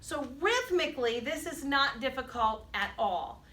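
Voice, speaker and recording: A woman's voice: sits high, lively intonation, unhurried, a bit bright, a little hiss or hum. A middle-aged woman music teacher, chatty, explaining a rhythm game to students step by step. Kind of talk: recorded music lesson for students. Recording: echoey room, mic at a distance.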